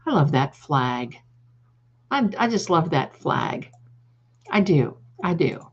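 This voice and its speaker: A woman psychic hosts a live stream, reading viewer comments aloud and affectionately calling viewers "my darling," repeating words and restarting sentences as she goes. Her low voice swings widely in pitch, moves slowly, and is slightly rough. The stream audio is lo-fi and slightly dull.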